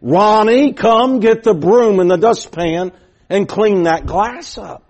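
A stern older neighbor lady barks orders from her porch, as a male preacher puts her on in his sermon. The voice sits high and swings with lively pitch. A husky edge stays under the call. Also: slow pace, heavily acted. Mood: commanding.

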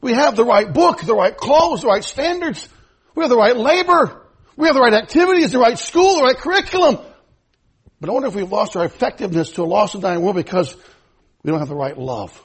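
A man preaching a sermon, swinging between loud fervent exhortation and hushed, low pleading. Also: lively intonation, brisk, slightly rough. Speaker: pastor.

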